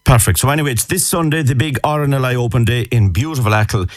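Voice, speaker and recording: A man's voice: mid-range voice, fast talker, no room sound. A man with an Irish accent presenting a live radio outside broadcast from an outdoor event, chatty and upbeat, repeating names and phrases as he goes.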